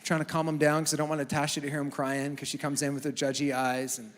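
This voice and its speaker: A man in his thirties preaching a sermon with humor, moving from hushed asides to loud, fervent passages. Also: a little high, fast talker, hardly any pauses. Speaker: pastor. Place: church auditorium. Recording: long church hall reverb.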